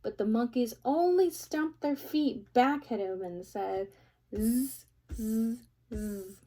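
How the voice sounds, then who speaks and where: Woman storybook reader: mellow tone, unhurried, playful, asks listeners questions. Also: on the high side, expressive. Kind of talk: reading a picture book aloud.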